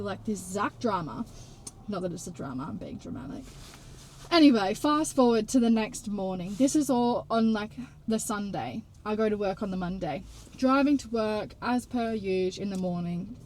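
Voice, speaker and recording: Heard through poor audio, a young woman vlogger with a mid-range voice chats from a parked car. She's animated and talkative, telling a story, playing out its dialogue and cursing offhandedly.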